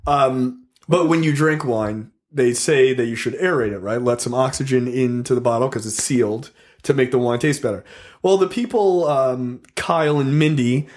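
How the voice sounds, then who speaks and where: A man's voice: mid-range voice, normal speed. A man co-hosting a podcast in casual chat, telling stories with lots of swearing and acting out scenes. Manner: animated storytelling, swears freely, acts out scenes. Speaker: podcast co-host.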